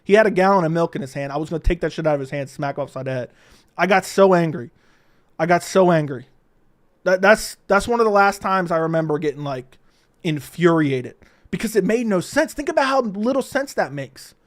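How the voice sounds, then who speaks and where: Man, livestream host, profane animated storyteller, slightly high voice, studio mic. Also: a little fast.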